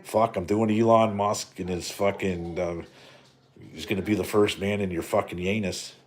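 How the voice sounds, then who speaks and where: A man's voice: lowish voice, fairly even intonation, normal speed. A middle-aged man from Canada hosting a live stream, rambling and joking with lots of profanity. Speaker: livestream host. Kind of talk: casual live-stream rant.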